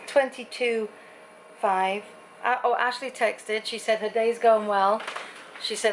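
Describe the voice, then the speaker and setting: Middle-aged woman, home vlogger, chatty and rambling, mid-pitched voice, faint background hiss. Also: unhurried, low-quality recording. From Britain. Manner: chatty, rambling storyteller acting out quoted voices. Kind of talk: casual chatty vlog.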